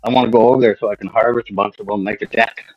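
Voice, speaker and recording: A man's voice: lowish voice, fairly even intonation, racing. A man co-hosting a casual chat, joking and chiming in with short remarks. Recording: dull lo-fi stream audio with faint music.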